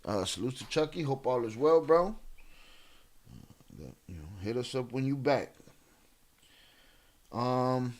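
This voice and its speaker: A man hosting a live stream in a casual, slangy, laid-back way, giving shout-outs to viewers. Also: medium pitch, lively intonation, a little slow, long pauses. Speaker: livestream host.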